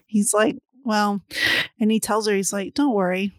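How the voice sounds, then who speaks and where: A woman's voice: mid-range voice, normal speed, no room sound, studio quality. A woman in casual chat about a book, retelling scenes animatedly and acting out the characters' lines.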